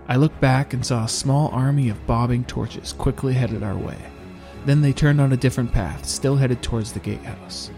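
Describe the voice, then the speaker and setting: A man narrating a first-person audiobook in a steady, measured reading. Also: mid-range voice.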